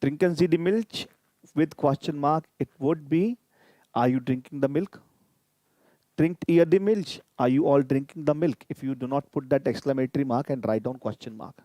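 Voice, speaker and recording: A man's voice: medium pitch, normal speed, warm tone, no echo. A man teaching a live online grammar lesson, explaining patiently and repeating each example. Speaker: language teacher.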